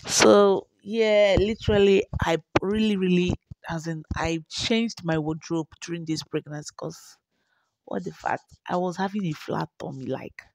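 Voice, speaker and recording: A woman's voice: on the low side, a little mellow, no room sound, poor audio. A young woman, chatting emotionally about her pregnancy in a vlog, often repeating herself and laughing. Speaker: vlogger. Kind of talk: personal vlog narration over clips.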